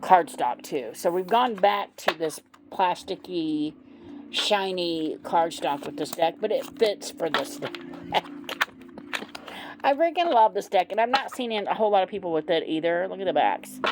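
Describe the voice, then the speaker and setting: A woman's voice: lowish voice, lively intonation, normal speed. A middle-aged woman reviewing tarot decks in a casual, gushing vlog, giggling often and using plenty of fillers. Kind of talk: casual show-and-tell vlog. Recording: noticeable background noise.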